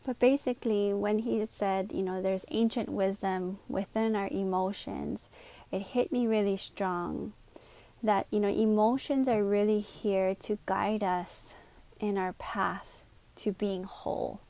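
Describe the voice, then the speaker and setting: An earnest woman talks alone on her podcast, in a confiding tone. Quick asides run into slower, stressed words. Her pitch sits in the middle for a woman. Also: steady tone, mellow. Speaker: podcast host. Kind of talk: reflective solo podcast monologue.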